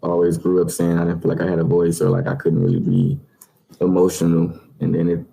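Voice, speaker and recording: A man talking casually on a podcast, halting and laid-back. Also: deep voice, monotone, creaky, warm tone. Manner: halting, full of "like" fillers. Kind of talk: casual chat.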